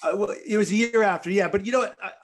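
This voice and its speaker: Man, podcast guest, slightly high pitch, earnest, vivid storytelling. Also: racing. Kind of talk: personal storytelling in conversation.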